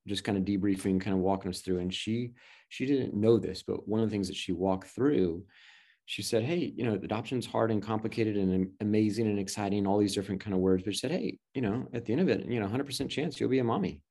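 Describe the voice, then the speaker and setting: Low mellow-voiced man telling a story. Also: fast talker. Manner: rambling, many restarts and quoted dialogue. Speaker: guest adoptive father. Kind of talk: casual storytelling chat.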